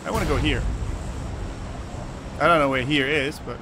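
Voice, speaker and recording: A man's voice: a little high, normal speed, background noise. A man giving casual gameplay commentary, swearing and muttering to himself as he plays. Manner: casual, swearing, laughing outbursts. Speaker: gamer.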